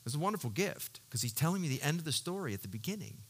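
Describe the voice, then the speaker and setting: A middle-aged man preaching from the pulpit with a bright, forceful voice. He rises to loud emphatic peaks, then drops low and quiet to tell a story, often restarting mid-phrase as he reaches for the right word. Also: sing-song, breathy edge. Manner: halting restarts, searching for words. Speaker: pastor. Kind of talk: sermon.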